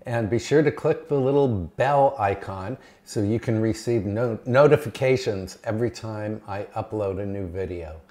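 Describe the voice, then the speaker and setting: A man's voice: lowish voice, moderate pace, hardly any pauses, warm tone. A man hosting his own cooking channel, chatting enthusiastically in his home kitchen while he cooks and tastes. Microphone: camera mic, moved at times.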